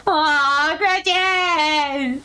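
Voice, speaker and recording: A woman's voice: high voice, very slow, bright, forceful tone. A woman playing through a visual novel with a friend, reading its text aloud and reacting with jokey, dramatic outbursts. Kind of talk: casual playthrough, voicing lines.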